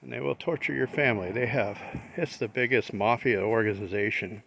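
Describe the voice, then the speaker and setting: Gravelly low-voiced middle-aged man vlogging. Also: brisk, a bit bright, slight background noise. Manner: opinionated, rambling, plain-spoken. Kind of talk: casual rambling vlog monologue. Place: outdoors, walking his dog.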